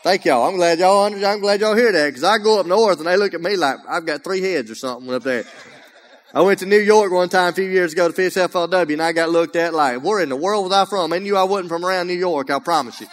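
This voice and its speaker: A man with an Alabama Southern accent preaches a folksy, joking sermon, full of energy and often raising his voice. His voice sits fairly high. It rings with the long reverb of a church sanctuary. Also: fast. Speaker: guest preacher.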